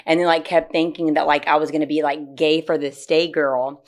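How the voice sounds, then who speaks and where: A woman's voice: low voice, moderate pace. Brash, laughing woman co-host. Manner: profane, animated storytelling with laughter. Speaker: podcast co-host. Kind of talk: casual chat.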